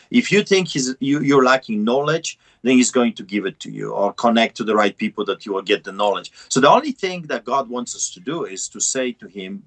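A man's voice: mid-range voice, expressive, moderate pace, a bit bright. A middle-aged man with a heavy non-native accent and broken English, a pastor preaching fervently over a call in a repetitive cadence.

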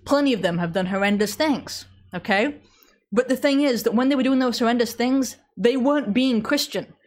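A woman's voice: on the high side, normal speed. Sarcastic English woman hosting commentary. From England. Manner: sarcastic, chatty, frequent restarts and laughs. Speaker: commentary show host. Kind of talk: casual sarcastic commentary to viewers.

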